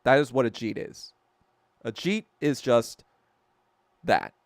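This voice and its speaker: A man's voice: medium pitch, animated, slow, no room sound. A man hosting a podcast in a casual, profane, heated rant, rambling and correcting himself as he goes. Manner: rambling, with frequent self-corrections. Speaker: podcast host. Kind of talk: casual ranting monologue.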